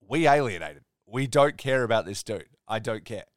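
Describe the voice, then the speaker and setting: A man's voice: medium pitch, lively intonation, moderate pace, dry recording, clean studio sound. A man co-hosting a podcast, ranting animatedly and swearing in casual chat. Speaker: podcast co-host.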